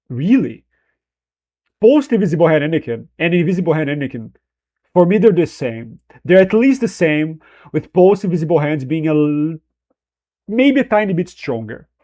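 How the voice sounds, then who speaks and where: A man's voice: a little high, mellow. A man chatting casually on a livestream, rambling, restarting and correcting himself as he goes. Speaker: streamer.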